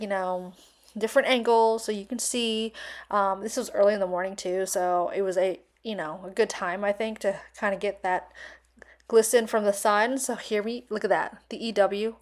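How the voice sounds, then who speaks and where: A young adult woman narrating a casual vlog voice-over, gushing and effusive, chatty with lots of fillers. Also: mid-range voice. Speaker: vlogger reviewing a purchase.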